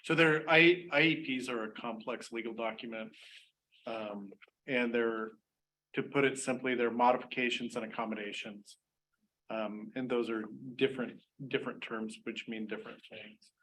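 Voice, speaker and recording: A man on a school board calmly explains procedures in an easygoing, informal way. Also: mid-range voice, normal speed, rough recording. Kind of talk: casual meeting discussion.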